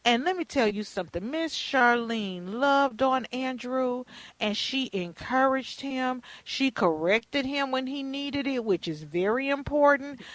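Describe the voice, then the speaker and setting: A middle-aged woman hosts a radio talk show in a casual interview-chat style, telling stories as an animated narrator with playful emphasis. Her voice is high-pitched and a little slow, and the recording is dry and rough.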